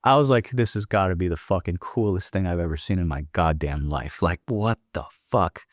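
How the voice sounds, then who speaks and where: His voice sits low and moves at a moderate pace, recorded dry at studio quality. A young podcast guest, he tells a war story in casual fashion, swearing freely and performing the quoted dialogue.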